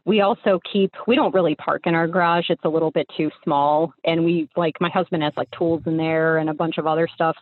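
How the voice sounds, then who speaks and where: Young woman, low-ish voice, rambling casual storyteller, tinny dry phone line. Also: no echo. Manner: rambling, full of fillers and restarts. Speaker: guest storyteller.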